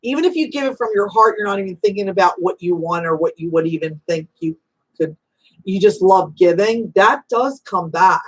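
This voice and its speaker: A woman's voice: a little high, breathy edge. A woman hosting a live call-in spiritual reading show, talking in an emphatic, motherly way and calling guests honey and sweetie. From Italian-American background. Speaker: psychic reader and show host.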